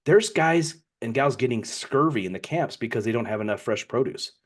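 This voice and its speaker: Male podcast co-host, mid pitch, casual and rambling, restarts a lot. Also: lively intonation, normal speed. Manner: rambling, repeats words, reads passages aloud. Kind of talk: casual book discussion.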